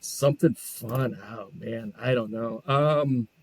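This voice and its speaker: A man in his forties, a podcast guest, talking casually with many pauses and self-deprecating hedges. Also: medium pitch, fairly even intonation, no echo. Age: 40s. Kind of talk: casual interview chat.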